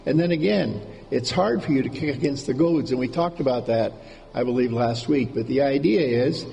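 A man's voice: medium pitch, normal speed, vocal fry, dark tone. A man preaching a conversational sermon in an informal way, repeating key words for emphasis, heard in a reverberant hall with faint background noise.

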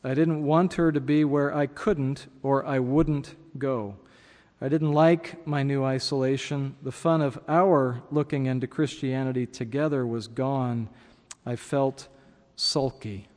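A man reading a memoir passage aloud in a measured, reflective way, dropping his voice for quiet spoken asides. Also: medium pitch. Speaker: speaker reading from a memoir and commenting. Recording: long hall reverb.

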